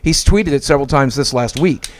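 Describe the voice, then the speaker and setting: A man's voice: mid-range voice, a little fast. A man talking in casual podcast chat, earnest and rambling, often stopping short and restarting. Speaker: podcast guest.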